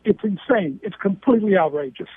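A man with a very high, husky voice holds forth with indignant emphasis and keeps repeating his points. He calls in over a tinny phone line, and the sound is dry and close. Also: expressive, fairly quick, dry recording. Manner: indignant, emphatic, hammering repetition. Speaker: guest commentator. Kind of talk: phone-in interview commentary. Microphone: telephone line.

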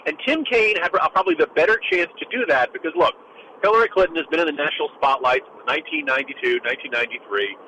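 A man talking casually as a political commentator, animated and jokey, with quick asides. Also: a little high, slight background noise, low-quality recording.

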